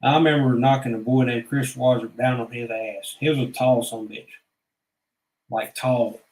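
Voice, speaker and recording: In an echoey room, a man vlogs casually about his life, telling stories in a blunt, rambling, profane manner. He speaks at a moderate pace with a medium pitch, fairly even intonation, and a slightly mellow sound.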